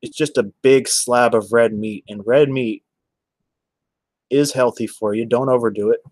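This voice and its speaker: A man's voice: medium pitch, measured pace, a little mellow, dry recording. Rambling man in dry room. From Texas. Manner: rambling, chatty, answers viewers by name. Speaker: livestreamer. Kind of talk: casual livestream chat.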